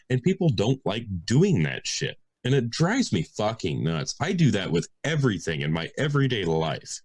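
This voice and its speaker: A man's voice: medium pitch, a little mellow, husky. A man co-hosting a casual podcast, blunt and profane in his opinions.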